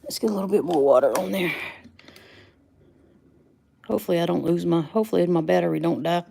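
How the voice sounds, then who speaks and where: A woman's voice: lowish voice, brisk, gravelly, dark tone. A woman, chatting casually with viewers on a livestream while unboxing rocks. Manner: chatty, greets viewers by name, laughs easily.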